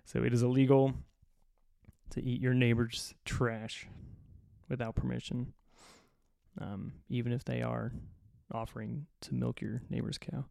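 A man's voice: medium pitch, little pitch movement, measured pace, vocal fry, mellow, dry recording, studio quality. A man hosting a solo comedy podcast, reading out a list of odd laws with sarcastic, profane, exasperated asides. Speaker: podcast host.

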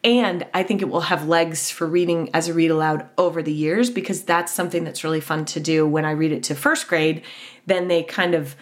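A woman hosting a podcast over a video call, enthusiastic and quick to agree with her guest. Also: deep voice, steady tone. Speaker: podcast host. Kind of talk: casual interview chat.

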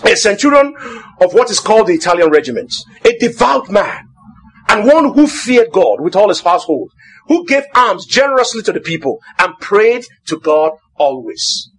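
A man preaching a sermon as pastor, emphatic and repetitive, now and then shouting. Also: high voice, big pitch swings, moderate pace, husky.

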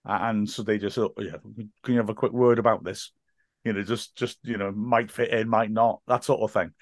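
A man's voice: fairly low pitch, fairly even intonation, a little fast, dry recording, clean studio sound. A man as a podcast guest, a stadium announcer and teacher, chatting casually and telling stories with frequent laughs and quoted voices.

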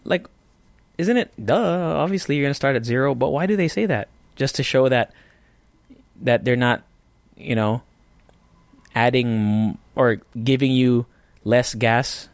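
A man's voice: mid-range voice, measured pace, long pauses, no room sound. A man with a Filipino English accent hosting a casual solo podcast from his apartment, rambling and chatty with self-deprecating humor. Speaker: podcast host.

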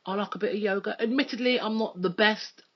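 Woman radio host, chatty and teasing, husky voice, dull lo-fi studio sound. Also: medium pitch, fast talker. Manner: chatty, joking, many fillers. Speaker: radio presenter. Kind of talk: casual radio chat.

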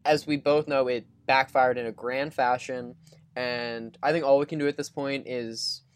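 A young man co-hosting a podcast, teasing his partner in a deadpan, mock-formal way. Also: medium pitch, normal speed, smooth, dry recording. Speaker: podcast co-host. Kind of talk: casual banter.

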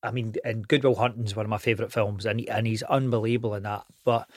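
A man's voice: on the low side, level tone, fast talker, dry recording. A Scottish man, an actor guest, chatting casually and rambling with frequent restarts and free swearing in a podcast studio.

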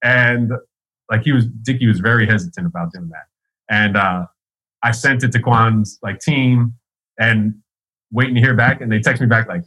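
Husky, forceful-sounding man, rambling and profane, laughs a lot while telling a story. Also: mid-range voice, fairly quick, poor audio. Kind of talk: casual storytelling.

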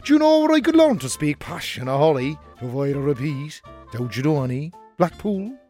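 A man's voice: on the high side, very animated, moderate pace, dark tone, faint music behind. A man with a Cork accent playing a brash young northside letter-writer, telling his story broadly and cheekily. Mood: cheeky. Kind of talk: comic radio letter reading.

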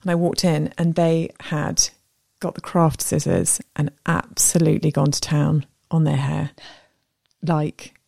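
A woman in her thirties co-hosting a podcast, telling stories in a lively, animated way and acting out voices. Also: low-pitched, a little slow, creaky, dry recording, clean studio sound. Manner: animated storyteller, acts out voices. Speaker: podcast co-host. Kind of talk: casual chat.

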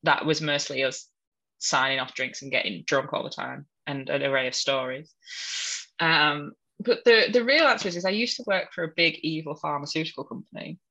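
Hull woman, young, bright lowish voice, wry and chatty, laughs a lot. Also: normal speed, lo-fi sound. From Hull, England. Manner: chatty, laughs often, wry self-mocking. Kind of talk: casual chat.

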